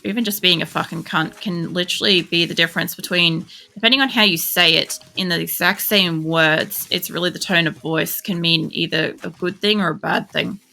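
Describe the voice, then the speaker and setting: A woman's voice: lowish voice, moderate pace, gravelly, hardly any pauses, sharp tone. An Australian woman streaming a game, chatting in a rambling, casual way and swearing freely. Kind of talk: casual chat while playing. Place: home computer setup.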